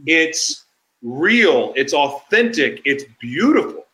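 A man's voice: a little high, big pitch swings, slow, bright, forceful tone. A man hosting a podcast interview, talking in an effusive, emphatic way. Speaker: podcast host. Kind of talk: conversational interview. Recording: echoey room.

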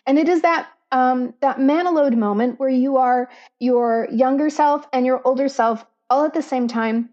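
A woman's voice: high-pitched, moderate pace, darkish tone, muffled recording. A woman co-hosting a podcast, telling a story in an earnest, heartfelt way with self-deprecating asides, recorded on a laptop microphone. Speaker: podcast co-host. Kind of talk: reflective storytelling chat.

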